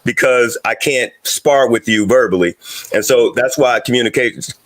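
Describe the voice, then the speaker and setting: A man's voice: mid-range voice, moderate pace, a bit bright. A man in a casual group discussion, explaining with restarts and little laughs. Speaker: guest.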